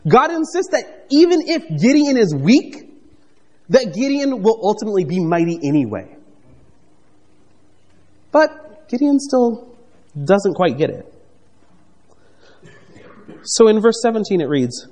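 A man preaching a conversational, animated sermon, reading scripture and acting out the characters with playful asides. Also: high voice, unhurried, long pauses, in a large hall. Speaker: pastor.

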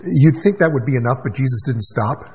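Male pastor, husky voice, emphatic sermon delivery with quick asides. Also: medium pitch, lively intonation, darkish tone, low-quality recording.

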